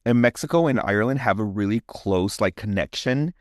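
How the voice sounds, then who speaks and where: A man's voice: on the low side, expressive, a little fast, no room sound, clean studio sound. Chatty male podcast host, laughing often. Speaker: podcast co-host and story narrator. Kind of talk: casual chat and dramatic story narration.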